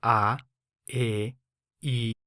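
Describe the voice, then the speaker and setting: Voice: medium pitch, level tone, pushed and bright, dry recording, clean studio sound. A speaker repeating single words carefully after a model, as in a language drill. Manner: slow, careful repetition.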